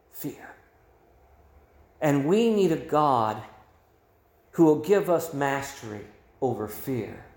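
A male pastor preaching a sermon with emphatic delivery, his voice swelling and dropping. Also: high voice. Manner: emphatic preaching with rising and falling volume. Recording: roomy echo.

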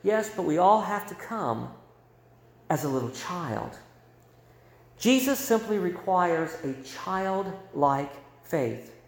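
A male pastor preaching a sermon in a church, telling a story and moving between loud and hushed delivery. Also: high voice, expressive, slow pace. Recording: roomy echo.

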